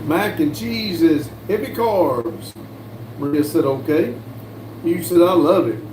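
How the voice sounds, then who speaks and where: A man hosting a casual livestream, reading viewer comments aloud slowly and answering them with lots of fillers. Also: on the high side, animated. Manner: slow, drawling, reads comments aloud with fillers. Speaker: livestream host reading chat. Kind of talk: casual live chat. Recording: echoey room with faint background noise.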